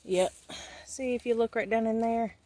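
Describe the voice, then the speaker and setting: A woman's voice: on the high side, steady tone, normal speed, mellow, a little hiss or hum. A woman giving a chatty, folksy tour of her vegetable garden outdoors, talking to her viewers while filming on a handheld camera. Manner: folksy, chatty, points things out as she walks. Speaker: homestead gardening vlogger.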